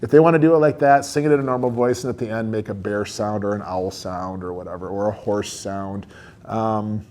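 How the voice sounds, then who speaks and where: A male educator explaining in a casual, friendly way how he teaches children a song, pausing with an occasional um or uh. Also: on the low side. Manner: friendly, relaxed, with fillers like um and uh.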